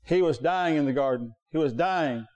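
Mellow-voiced preacher man, emphatic and repetitive. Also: moderate pace, dull audio. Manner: emphatic, repeats phrases for effect; jumps higher in pitch on key points. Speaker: pastor. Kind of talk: preaching sermon.

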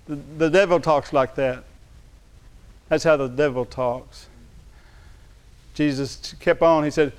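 A male pastor delivering a sermon in a clear, ringing voice. He speaks emphatically and keeps drawing the congregation in with calls to respond. His voice sits a little higher than most men's. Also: steady tone, measured pace, pauses often.

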